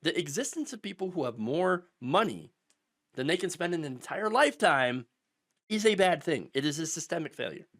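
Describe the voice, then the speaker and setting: Sarcastic guy doing politics commentary, voice a bit high and jumping all over, says okay? constantly. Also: normal speed. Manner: animated and sarcastic, with constant "okay?" tags and mocking mimicry.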